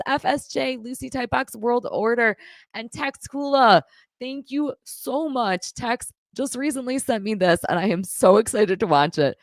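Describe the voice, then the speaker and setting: A woman's voice: mid-range voice, very animated, measured pace, dry recording, clean studio sound. A woman hosting a live stream, reading viewer messages aloud and answering them in a blunt, profane, emotional way. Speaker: live stream host reading super chats. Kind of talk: casual live stream chat.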